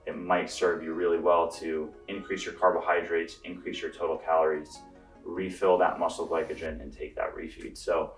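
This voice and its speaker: Deep-voiced young man in an echoey room. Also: normal speed, recorded from a distance. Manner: relaxed, explanatory, with frequent fillers. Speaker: bodybuilder answering viewer questions. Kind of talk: casual vlog update. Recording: echoey room, voice from off the mic, faint music.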